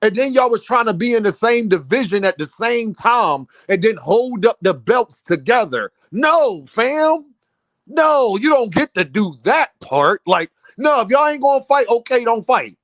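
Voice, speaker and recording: A man hosting a casual boxing commentary stream, heated and animated, often repeating himself and breaking into near-shouts. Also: very high voice, unhurried, no echo. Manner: many restarts and repeated fillers.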